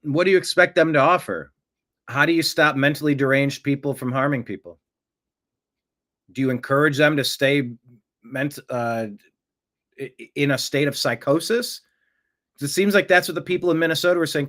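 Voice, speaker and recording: A man's voice: on the high side, fairly even intonation, moderate pace, pauses often, fairly bright tone. Combative man hosting political commentary. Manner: combative, sarcastic. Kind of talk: livestream reaction commentary.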